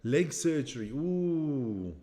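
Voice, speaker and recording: Speaking slowly in a mellow, animated voice on the high side, a middle-aged man runs a relaxed live stream where he watches a match along with viewers. He reacts loosely, answers their comments, and jokes about his age.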